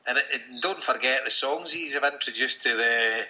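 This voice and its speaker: Very bright-voiced scottish host. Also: male voice, mid-range voice, moderate pace, slight background noise, poor audio. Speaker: podcast host. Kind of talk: casual chat.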